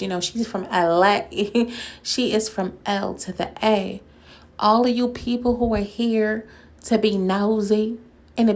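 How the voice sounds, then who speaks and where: A woman's voice: mid-range voice, a little mellow. A woman hosting a casual commentary video, talking straight to her audience as friends, with a sarcastic, mocking edge and frequent laughter. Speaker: commentary YouTuber.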